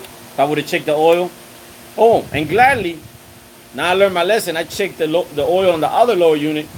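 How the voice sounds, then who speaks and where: A man in a loose, friendly live-stream chat, rambling along with plenty of restarts and "um"s as he answers viewers. His voice sits a little higher than most men's. A faint hiss of background noise runs under him. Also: low-quality recording. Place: outdoors on a windy day.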